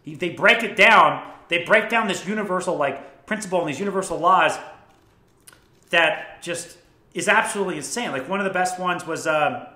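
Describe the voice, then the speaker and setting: A man's voice: high voice, moderate pace, pushed and bright. A young man casually recommending books, enthusiastic and swearing freely. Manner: profane, enthusiastic storytelling. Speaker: vlogger. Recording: echoey room.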